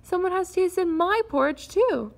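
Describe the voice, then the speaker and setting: A woman voicing a mother bear in a storybook reading, raising her voice high and soft. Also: expressive, measured pace, creaky, full character voice. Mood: upset.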